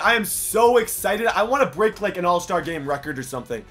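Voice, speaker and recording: High-voiced excitable young man, gaming commentary. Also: a little fast, soft background music. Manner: animated, heated and playful, with sudden loud outbursts. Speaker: gaming YouTuber.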